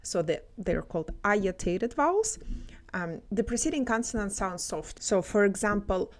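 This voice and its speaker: A woman's voice: mid-range voice, expressive, measured pace. Woman teaching language. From Russia. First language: Russian. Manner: explanatory, casual, many filler ums. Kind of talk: language lesson vlog.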